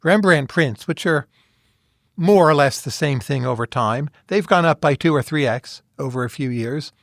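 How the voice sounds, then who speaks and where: A man's voice: a little high, normal speed, no room sound, studio quality. A man hosting an interview, asking direct, curious questions. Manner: inquisitive, direct. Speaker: host.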